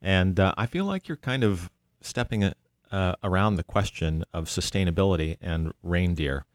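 A man's voice: sits low, normal speed, no echo, studio quality. A man hosting a radio show, asking polite but probing questions of his guests. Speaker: radio host. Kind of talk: radio interview.

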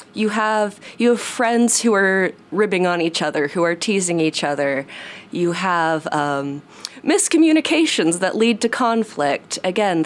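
Woman actor, slightly low, reflective, word-searching. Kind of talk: casual interview chat.

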